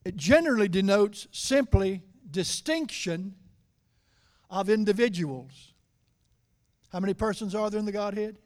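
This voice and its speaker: A middle-aged man preaching a sermon, swinging from loud emphatic lines to low confiding asides and slowly stretching key words for emphasis. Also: animated.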